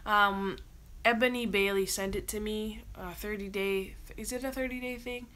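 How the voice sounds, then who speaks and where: Bright-voiced woman chatting on a livestream. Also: medium pitch, steady tone, normal speed. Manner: chatty, reads viewer comments aloud and answers them. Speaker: livestream host. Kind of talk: casual livestream chat. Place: lying down at home.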